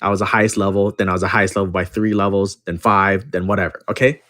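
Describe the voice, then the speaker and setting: A man's voice: deep voice, flat delivery, quick pace, a bit bright. Brash, profane man streaming card breaks. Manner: brash, profane, repeats phrases for emphasis; counts down and calls out card numbers while telling a story. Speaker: card-breaking livestream host. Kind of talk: casual livestream storytelling.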